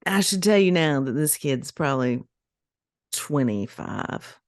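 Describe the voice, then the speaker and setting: A middle-aged woman, co-hosting a podcast and telling a story in casual chat, animated and laughing as she acts out the voices she quotes. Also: sits low, unhurried, no room sound, studio quality. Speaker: podcast co-host.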